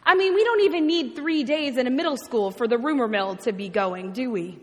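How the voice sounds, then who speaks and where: A woman preaching a sermon, telling a story expressively with dramatic pauses and repetition. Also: fairly high pitch, expressive. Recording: long reverb from a large hall.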